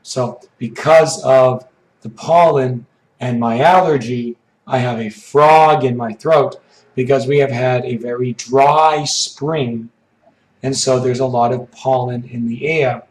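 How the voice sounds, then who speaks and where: A man teaching an English idiom lesson, his voice hoarse and froggy from allergies, explaining slowly with frequent "okay"s. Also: mid-range voice, darkish tone, echoey room, low-quality recording. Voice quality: froggy, rough throat.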